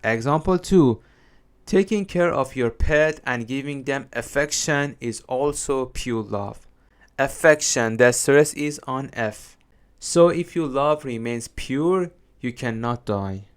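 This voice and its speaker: A man teaching English phrases in a slow, deliberate, scripted lesson narration. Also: mid-range voice, smooth.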